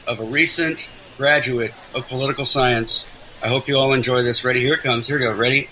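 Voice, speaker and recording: Bright-voiced chatty man being interviewed. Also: medium pitch, fairly even intonation, brisk, slight background noise, poor audio. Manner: chatty, self-deprecating, stumbles and restarts. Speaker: guest. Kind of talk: casual interview chat.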